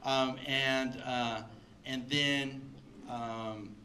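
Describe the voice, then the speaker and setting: A man's voice: mid-range voice, steady tone, very slow, pushed and bright, slight background noise. A middle-aged man from Mexico telling a rambling story to an audience at a library event, full of fillers and laughs. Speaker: guest speaker. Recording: voice picked up from a distance.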